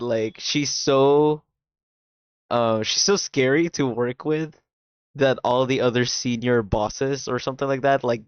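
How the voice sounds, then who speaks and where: A man chatting on a stream and retelling a show's plot in a lively, excitable way, cursing freely and leaning on "like". His voice sits at an ordinary middle pitch. The sound is dry and a little dull, as from a modest home mic. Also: smooth, no room sound. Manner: animated, swears a lot, fills with "like". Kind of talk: casual chat, recapping a drama plot.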